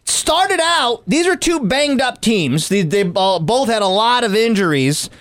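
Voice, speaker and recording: A morning radio host trading jokes in loose, casual banter and riffing on bits. The pitch moves a lot, lively and expressive, at a middle register. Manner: playful, quick to riff.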